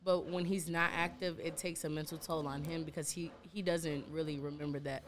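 A young woman, a radio personality, telling stories in a casual podcast chat, profane and animated. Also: low-pitched, brisk.

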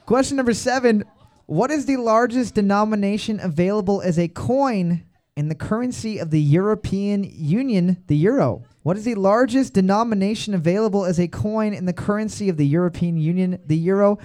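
Man, trivia host, high voice, reads questions twice, crude joking asides. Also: a little fast, darkish tone. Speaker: trivia quizmaster. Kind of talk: live pub-trivia hosting with crude jokes.

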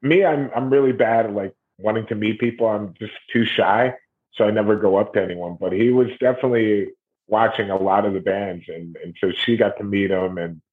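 A middle-aged man from Ohio, a documentary series host, telling stories in a rambling, animated way. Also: on the low side, a little fast. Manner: rambling, animated retelling with acted quotes. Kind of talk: casual interview conversation. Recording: tinny phone-like audio.

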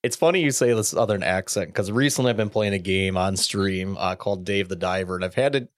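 A man's voice: sits low, a little fast, no echo, studio quality. A man hosting a casual gaming podcast, rambling and hesitant, often restarting words and laughing. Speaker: podcast host.

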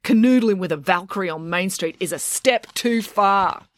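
A woman's voice: medium pitch, moderate pace, pitched above the performer's own voice, close to an everyday voice. A woman voicing a squeamish, dramatic young girl with theatrical outbursts in a storybook reading. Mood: dramatic disgust.

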